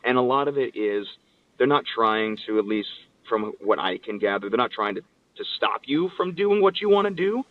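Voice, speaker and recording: Heard on a distant, phone-like recording, a man with a mid-range voice speaks at normal speed. He's a pro wrestler guesting on an interview, casually recounting stories and acting out what others told him.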